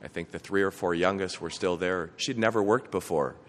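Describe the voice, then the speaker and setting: A man's voice: low-pitched, a little fast. A man, a bishop, preaching a homily, telling a family story in an earnest way with small restarts. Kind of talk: sermon. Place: church. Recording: long reverb from a church, faint noise.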